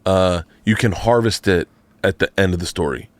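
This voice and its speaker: A comedian telling stories in a casual interview, animated and acting out quotes with many restarts. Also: male voice, low voice, moderate pace, no echo. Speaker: comedian guest.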